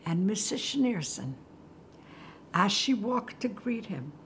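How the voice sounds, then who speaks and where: An older woman hosting from her kitchen, telling a story with animation and hushed near-whispers. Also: mid-range voice, very animated, takes it slowly, slight background noise. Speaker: host. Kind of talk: storytelling talk to viewers. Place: home kitchen.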